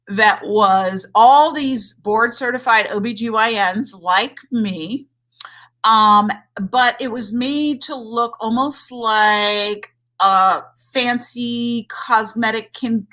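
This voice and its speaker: A woman from the United States speaks as a hormone coach and doctor on a casual livestream. Her voice is bright and pitched a little high, and she talks in an animated, indignant way, reading viewer comments aloud.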